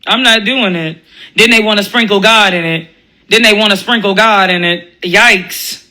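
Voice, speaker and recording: A woman's voice: medium pitch, moderate pace, sharp tone, rough recording. A woman ranting in a blunt, profane commentary monologue, laughing often and mocking other people's voices. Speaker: commentary vlogger.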